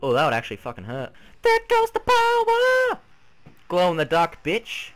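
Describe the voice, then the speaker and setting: A young man hosting his gaming channel, swearing, yelping and shouting through excitable gameplay commentary. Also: sits high, normal speed. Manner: swears a lot, yelps and shouts.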